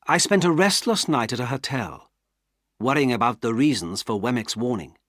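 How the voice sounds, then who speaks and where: A man narrating a graded-reader classic as an audiobook, with clear, measured storytelling. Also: medium pitch, expressive, a bit bright, no echo, studio quality.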